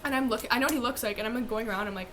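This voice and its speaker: A woman's voice: on the high side, racing, background noise. A young woman co-host chiming in with her side of the story, chatty and laughing. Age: young adult. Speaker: co-host vlogger. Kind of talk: casual storytelling.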